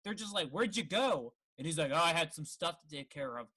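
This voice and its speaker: A young man co-hosts a casual film podcast. His voice is bright and forward. He rambles, swears freely and jumps into exaggerated voices to act out the scenes he describes. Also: on the high side, lively intonation, brisk, slightly rough. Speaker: podcast co-host.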